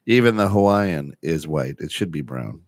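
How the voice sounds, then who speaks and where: A man's voice: rumbling low, expressive, slow pace, no room sound. A man co-hosting a casual food chat show, joking and chuckling with his partner. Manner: jokey, chuckling banter. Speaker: co-host.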